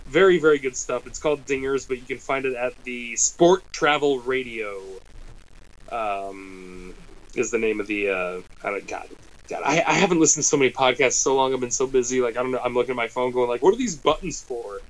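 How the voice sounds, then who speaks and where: A man's voice: mid-range voice, fairly quick, poor audio. Rambling, joking male podcast host. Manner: rambling, self-correcting, joking. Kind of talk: casual podcast chat.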